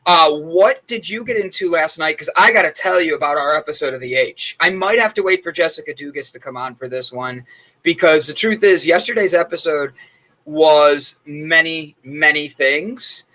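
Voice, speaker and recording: A man's voice: on the high side, lively intonation, fairly quick, pushed and bright, poor audio. A young man co-hosting a casual morning show, telling stories in a chatty way with lots of fillers. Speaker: co-host.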